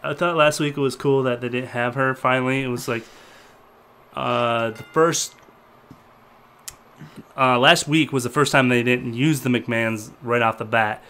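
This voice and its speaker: Male co-host, casual rambling delivery, lots of "uh"s, mid pitch. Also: fairly even intonation, a little slow, pauses often, fairly bright tone, clean tone. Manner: rambling, hesitant with many fillers. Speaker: podcast co-host. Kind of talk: casual review chat.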